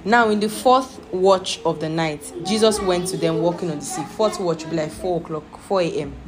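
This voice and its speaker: A woman's voice: fairly low pitch, normal speed, music in the background. A woman teaching a Bible study, reading scripture aloud and explaining it patiently, asking her listeners questions.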